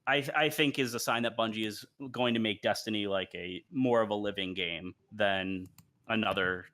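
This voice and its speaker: A man's voice: lowish voice, normal speed, pushed and bright. A man co-hosting a live gaming podcast, talking casually and hesitantly with lots of "like" and "um". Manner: hesitant, full of "like" and "um" fillers. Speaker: podcast co-host.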